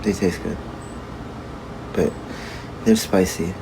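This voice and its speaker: A man's voice: deep voice, fairly even intonation, takes it slowly, gravelly, background noise. A man talking in a rambling, joking way, often correcting himself mid-thought. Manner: joking, meandering, self-correcting. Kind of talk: rambling casual monologue.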